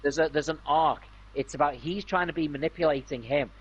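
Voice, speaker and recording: A man talks casually on a game stream, rambling with enthusiasm and lots of fillers. His voice is slightly husky. The mic sounds dull and lo-fi. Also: fairly high pitch, fairly quick. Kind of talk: casual gaming stream chat.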